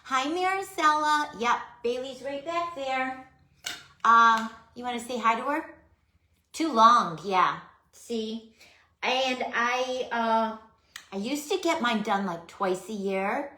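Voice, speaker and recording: A woman's voice: a little high, slow, pushed and bright, reverberant. A middle-aged woman hosting a casual craft livestream, chatting to viewers by name and laughing at herself.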